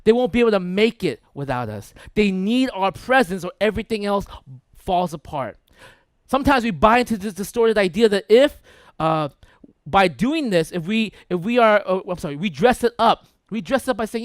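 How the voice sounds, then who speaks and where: Male pastor, fairly high voice, chatty sermon delivery with frequent "right?", dry close sound. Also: big pitch swings, brisk, dry recording. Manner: conversational, checks in with "right?" and "okay?"; repeats words for emphasis.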